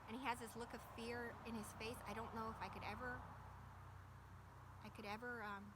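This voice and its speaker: A woman's voice: fairly high pitch, little pitch movement, moderate pace, heavy background noise. A woman in her thirties talking in a casual, reflective way, full of fillers and self-corrections. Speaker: vlogger.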